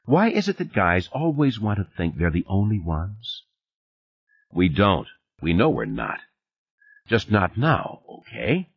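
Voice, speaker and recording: A man's voice: fairly low pitch, huge pitch swings, a little slow, creaky, breathy edge, no echo, full character voice. A man reading an audiobook, voicing a frank, breezy woman lover in an offhand, lightly raised voice, on a dull lo-fi cassette recording. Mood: sighing.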